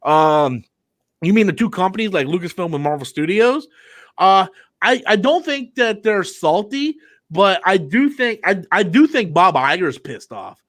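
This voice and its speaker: A man's voice: sits high, animated, a little slow, a bit bright. A young man hosting a live online discussion, ranting with lots of swearing and stammering over repeated words. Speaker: show host.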